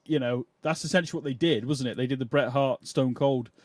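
A man co-hosting a wrestling podcast, talking casually and quickly, hedging often as he makes his points. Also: mid-range voice, dry recording. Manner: quick, conversational, hedging with "I mean". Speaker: podcast co-host.

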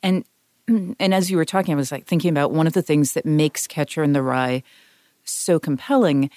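A woman's voice: sits low, moderate pace, mellow, no echo. Woman from the south talking writing on a podcast, thoughtful, lots of restarts, dry close sound. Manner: thoughtful, explanatory, with frequent restarts. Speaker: podcast co-host, writing teacher. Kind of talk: casual discussion.

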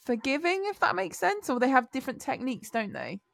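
A woman co-hosting a podcast in casual chat. She is excitable and laughs often. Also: high voice, fairly quick, creaky, no room sound. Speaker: podcast co-host.

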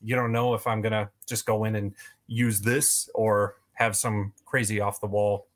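A man's voice: lowish voice, level tone, normal speed. A man as a podcast guest, giving long rambling answers full of fillers. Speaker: podcast guest, toy video creator. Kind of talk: casual interview chat.

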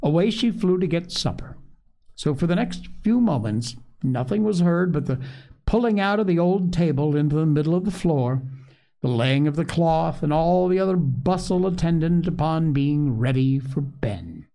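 Male storyteller; mellow, gravelly, animated read-aloud voice, on the higher side. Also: moderate pace. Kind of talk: storybook reading.

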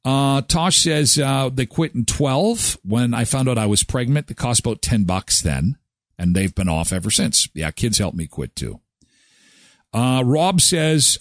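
A middle-aged man hosting a casual chat show, joking and animated. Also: mid-range voice, measured pace, no echo, clean studio sound. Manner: joking, animated, slips into silly voices. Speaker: talk show host.

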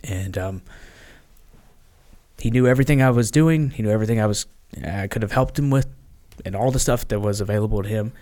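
A man speaking as a podcast guest, earnest and halting, often restarting his sentences, and sounding tired. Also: lowish voice, mellow. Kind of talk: candid conversation.

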